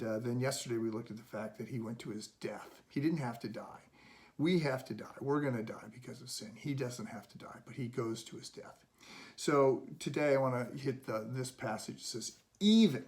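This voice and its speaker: A middle-aged male pastor giving an earnest, conversational devotional sermon, often restarting his words. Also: mid-range voice.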